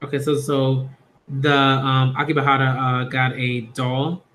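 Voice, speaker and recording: A man's voice: medium pitch, completely flat delivery, a little slow, fairly bright tone. A man reviewing a manga in a rambling, chatty live reaction, with slangy asides. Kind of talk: casual live reaction commentary.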